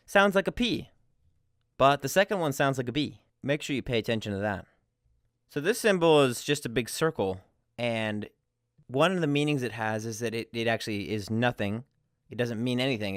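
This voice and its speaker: A man explains pronunciation patiently, walking through one example after another. His voice is smooth and resonant, and it sits at an ordinary middle pitch. The sound is dry and close, with no room echo. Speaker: language teacher.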